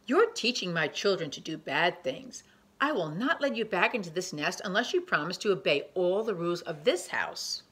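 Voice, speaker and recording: A woman's voice: on the low side, lively intonation, moderate pace, fairly bright tone, husky. A woman doing a stern scolding mother bird. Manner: scolding, strict.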